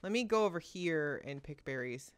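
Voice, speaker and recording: A woman giving excitable gameplay commentary, narrating her own moves aloud to her viewers. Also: sits low, moderate pace, no echo. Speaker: gaming video creator.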